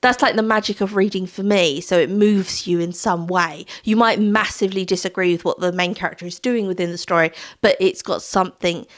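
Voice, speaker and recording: A woman's voice: fairly low pitch, steady tone, a little fast, hardly any pauses. A woman chatting about books in a monthly wrap-up, heartfelt and rambling with plenty of fillers. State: tearful at times. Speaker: book vlogger. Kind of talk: casual monthly reading wrap-up.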